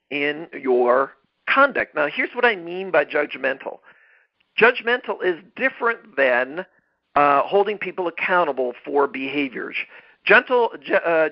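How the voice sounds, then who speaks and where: A man's voice: on the high side, lo-fi sound. A man hosting a podcast, giving an emphatic motivational talk on leadership, often repeating and restarting phrases. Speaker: podcast host.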